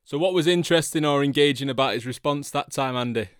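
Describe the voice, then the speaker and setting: A man's voice: mid-range voice, quick pace, fairly bright tone, clean tone, dry recording, studio quality. A man hosting a football podcast in casual chat, teasing his guests jovially and steering the conversation. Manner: teasing, jovial, leads the talk. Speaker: podcast host.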